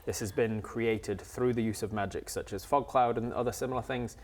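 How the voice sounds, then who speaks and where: A man's voice: medium pitch, a little fast. Chuckling male game master. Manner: relaxed, chuckling narration with frequent fillers. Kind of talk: narrating a tabletop game.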